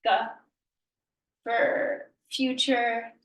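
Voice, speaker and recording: Slow, patient woman teaching in an echoey room. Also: fairly high pitch, flat delivery, recorded from a distance, a little hiss or hum. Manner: patient, slow, sounding out words, self-correcting. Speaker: language teacher. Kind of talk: explaining grammar in a recorded lesson. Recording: echoey room, voice a bit off mic.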